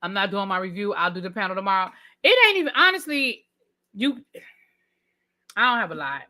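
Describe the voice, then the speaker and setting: A woman's voice: medium pitch, lively intonation, brisk, sharp tone. A woman hosting a live review stream, chatting with viewers in a casual, emphatic way with lots of slang. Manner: chatty, emphatic, Southern-tinged slang ("child", "ain't", "honey").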